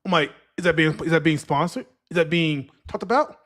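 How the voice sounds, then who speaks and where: A man tells a story on a podcast, acting out each line he quotes. His voice sits high for a man. He talks in a loose, casual way. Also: fairly quick. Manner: animated storyteller who acts out other people's lines. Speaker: podcast co-host.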